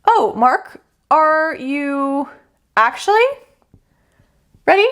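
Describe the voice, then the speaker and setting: A woman voicing the universe as a playful cosmic figure that asks doubting questions in a coy, drawn-out way. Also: high voice, expressive, a bit bright, pitched above the performer's own voice, exaggerated voice. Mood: teasing.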